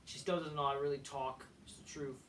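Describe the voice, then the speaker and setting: Profane high-voiced man ranting. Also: steady tone, fast, a bit bright, distant mic, slight background noise. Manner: profane, blunt, frequent restarts. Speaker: wrestling show reviewer. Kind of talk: ranting commentary.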